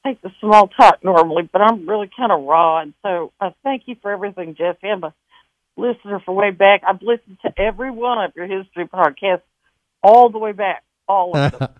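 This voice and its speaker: A woman's voice: medium pitch, brisk, no room sound. A woman from northwestern Wisconsin calling into a radio show, chatty and emphatic, rambling a little with fillers. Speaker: caller. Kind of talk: call-in chat. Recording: tinny phone line.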